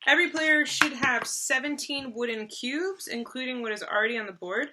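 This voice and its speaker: Speaking at a normal speed in a high, pushed and bright voice, this woman runs through a board game's rules as a co-host. Her delivery is loose and chatty, packed with fillers and restarts.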